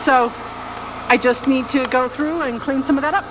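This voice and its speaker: A woman's voice: sits high, steady tone, moderate pace. Chatty woman vlogging at a cabin. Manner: chatty, lots of fillers and "so". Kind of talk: casual vlog narration. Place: snowy cabin, indoors and out. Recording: noisy camera audio.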